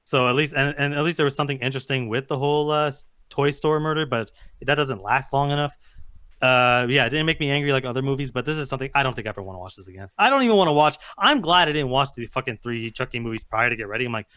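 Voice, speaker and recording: A man's voice: mid-range voice, quick pace, sharp tone, clear, resonant tone. A man co-hosting a casual movie review chat, blunt and argumentative, swearing freely. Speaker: co-host.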